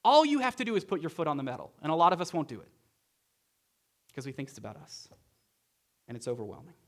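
High-voiced animated young preacher man. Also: fast talker. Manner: animated, conversational preaching with rising bursts of emphasis. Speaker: pastor. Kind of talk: sermon.

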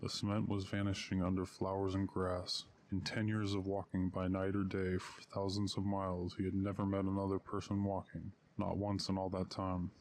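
Deep, flat-voiced male story narrator. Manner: measured, steady reading. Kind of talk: storybook reading.

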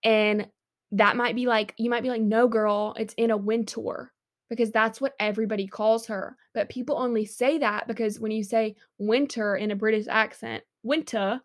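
A chatty woman co-hosts a casual podcast, her voice sitting a little high. She talks in an upbeat, rambling way, hopping from one tangent to the next. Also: fairly even intonation, fairly quick. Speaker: podcast co-host. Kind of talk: casual chat.

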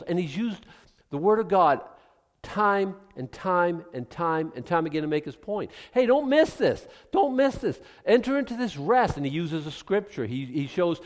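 A man preaching a sermon as pastor, animated, swinging from hushed asides to loud exclamations. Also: high voice, normal speed, long reverb tail.

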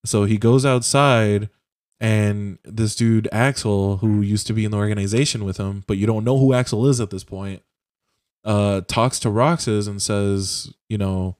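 This podcast co-host, a young man, chats casually over a voice call on a home mic, meandering through a video game storyline with curses and frequent fillers. He speaks unhurriedly in a lowish, steady, slightly mellow voice, and the studio-quality audio has no room sound.

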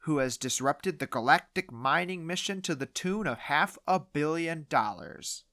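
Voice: medium pitch, expressive, a little slow, bright, forceful tone. A podcast co-host recapping a movie in casual chat, with dry sarcasm.

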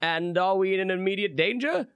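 A man's voice: high-pitched, animated, a little fast, a bit bright, clean tone, no echo, highs cut off. A man playing a tabletop game, talking hesitantly with many restarts. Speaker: player.

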